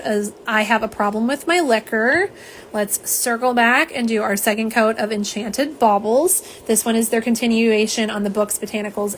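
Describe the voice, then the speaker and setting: A woman's voice: a little high, a little hiss or hum. Chatty woman swatching polish. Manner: chatty, rambling, reads viewer comments aloud. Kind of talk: live unboxing chat. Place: home.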